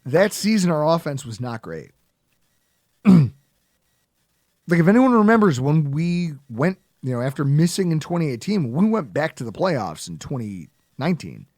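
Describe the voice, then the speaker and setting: A man hosting a sports podcast, his fairly high voice swinging widely as he rants with sarcastic, heckling energy. The sound is dry and close to the mic. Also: sing-song, normal speed, a little mellow, no echo. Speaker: podcast host. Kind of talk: casual sports podcast rant.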